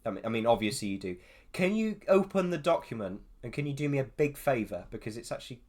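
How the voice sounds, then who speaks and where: A man's voice: mid-range voice, very animated, quick pace, darkish tone. A man from England chatting casually on a judging panel, rambling through anecdotes with lots of restarts. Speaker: judge on an art contest panel. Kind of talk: casual group chat.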